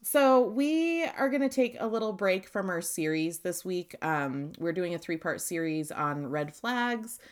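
A woman co-hosting a podcast in casual chat, her voice raspy and hoarse from smoking, animated and laughing often. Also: unhurried, few pauses. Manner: animated, laughs often, acts out quotes in a high voice. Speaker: podcast co-host.

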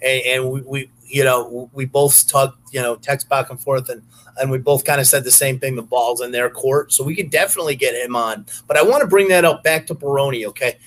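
A man telling a story on a podcast in a loose, rambling way. He keeps stopping to fill gaps and restart his sentences. His voice sits at an ordinary middle pitch. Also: a little fast, a bit bright, low-quality recording. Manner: rambling, many fillers and restarts. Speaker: podcast guest. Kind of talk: casual anecdote telling.

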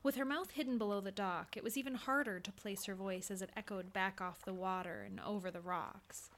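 A woman's voice: medium pitch, fairly quick, hardly any pauses, fairly bright tone, slight background noise. Woman narrating a suspenseful story.

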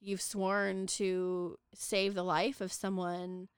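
A woman's voice: medium pitch, little pitch movement, slow pace, clean tone, no room sound, studio quality. Chatty woman recapping a novel. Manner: chatty, retells the plot with many "like" and "um". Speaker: book podcast co-host. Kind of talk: casual book recap, reading passages aloud.

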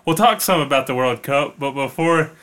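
Bright-voiced podcast host. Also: male voice, mid-range voice, normal speed. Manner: loose, rambling, joking. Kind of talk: casual podcast chat and sponsor reads. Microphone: podcast microphone.

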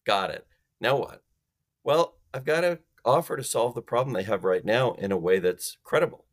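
A man's voice: medium pitch, lively intonation, moderate pace. A man talking as a guest expert on a sales podcast. He explains things emphatically and acts out phone calls in different voices.

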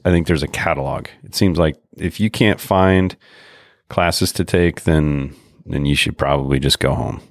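A man with a very low voice co-hosts a casual podcast and talks in a rambling, halting way, full of pauses and restarts. The sound is dry and close, with no room around him. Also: no room sound. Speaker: podcast co-host. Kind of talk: casual chat.

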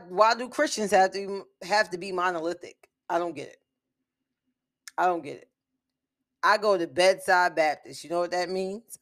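Fired-up speaker ranting solo, hammering points w/ rhetorical questions, mid pitch. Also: fairly bright tone. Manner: emphatic, fires off rhetorical questions and repeats them. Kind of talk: impassioned opinion monologue.

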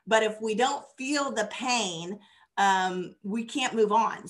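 A woman's voice: mid-range voice, fairly bright tone. A woman giving an informal sermon on a psalm, talking casually with fillers and small laughs. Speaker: bible teacher.

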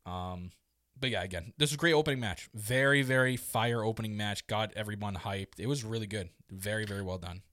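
A man co-hosting a casual podcast chat, excitable and rambling, with quick laughs and restarts. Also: on the low side, dry recording, clean studio sound. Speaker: podcast co-host. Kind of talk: casual wrestling recap chat.

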